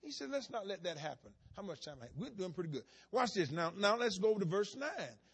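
A man preaching a sermon, swinging between soft conversational asides and sudden shouted, rising emphasis. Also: high-pitched, very animated, fast talker, husky. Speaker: pastor.

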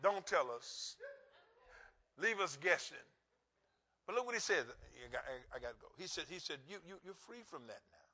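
Man, pastor, church sermon, high voice, lively swooping delivery, call-and-response, sudden shouts. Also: moderate pace, long pauses. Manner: emphatic call-and-response preaching with joking asides; bursts into shouts. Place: church sanctuary.

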